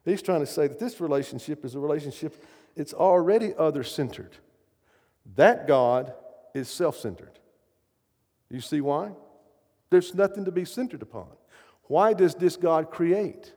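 A middle-aged man preaching with emphasis, throwing questions out to his listeners. His voice sits a little high yet sounds warm and mellow. Long reverb trails after him through a large hall. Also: lively intonation, normal speed, pauses often. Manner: emphatic, asks the audience questions. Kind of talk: sermon.

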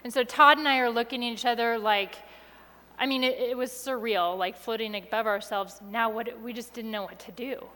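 A woman telling a personal story to an audience with expressive delivery, going soft and quiet at the tense moments. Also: fairly high pitch, moderate pace, big-room sound.

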